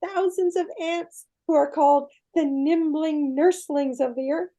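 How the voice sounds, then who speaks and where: An older woman telling a myth with lively, animated storytelling, often pausing to check in with her listener. Her voice sits high but stays mellow and warm rather than bright. She talks the way a guest does on a relaxed podcast interview.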